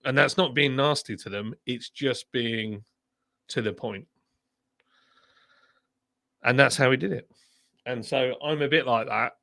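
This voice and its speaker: A man's voice: medium pitch, unhurried, gravelly, pauses often, sharp tone, no echo, studio quality. A man hosting a casual livestream chat, talking bluntly and laughing often. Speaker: livestream host, former brewery boss.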